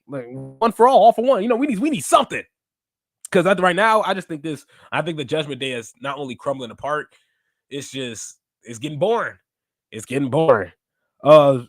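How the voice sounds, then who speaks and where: A man in his twenties hosting a podcast, chatting casually and excitably, rambling with lots of fillers and restarts. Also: fairly high pitch, no echo, studio quality. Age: 20s. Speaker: podcast host. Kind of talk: casual wrestling review chat. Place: United States Central time zone.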